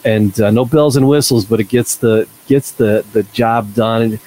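A man's voice: fairly low pitch, moderate pace, dark tone, rough recording. A man co-hosting a casual podcast chat, laid-back and rambling, often restarting his sentences. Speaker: podcast co-host.

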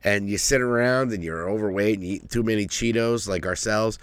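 A man's voice: fairly low pitch, fairly quick, smooth, dry recording. A middle-aged man hosting a podcast in casual banter, rambling, swearing freely and laughing often. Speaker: podcast host.

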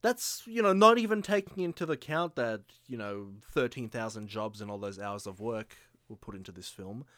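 A man's voice: fairly low pitch, lively intonation, moderate pace, few pauses, fairly bright tone, no room sound. Hesitant man reviewing films. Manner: hesitant, stammering restarts. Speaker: podcast co-host. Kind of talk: casual film review chat.

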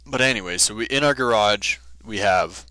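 A man's voice: fairly low pitch, normal speed, bright, forceful tone, dry recording. A man co-hosting a podcast, telling a story casually and animatedly with lots of fillers.

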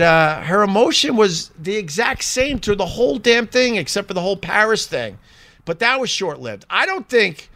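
A man's voice: fairly high pitch, a bit bright, smooth. A man in a rambling, chatty commentary full of fillers. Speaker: vlogger. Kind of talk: casual commentary.

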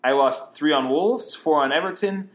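A man co-hosting a laid-back sports podcast. His voice sits a touch high, and he talks in loose, chatty runs. He laughs often and rattles off names and numbers. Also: normal speed. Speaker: podcast co-host. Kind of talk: casual sports podcast chat.

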